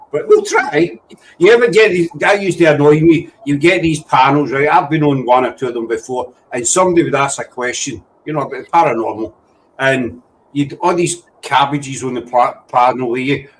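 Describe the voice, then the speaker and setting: A man's voice: a little high, low-quality recording. A Scottish man hosting a casual live-stream chat, rambling along and teasing his guests. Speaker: host. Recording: faint background noise.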